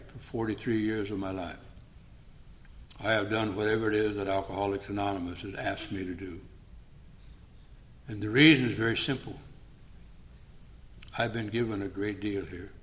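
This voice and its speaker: An older man speaking at a recovery meeting, telling his story in a plainspoken, humorous way. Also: lowish voice. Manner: humorous, plainspoken, acts out past conversations.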